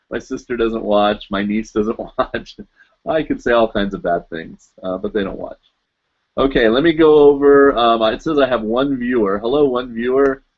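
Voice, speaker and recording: A man's voice: mid-range voice, lo-fi sound. A man in his forties hosting a live stream in casual, rambling chat, chuckling often and mocking himself. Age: 40s.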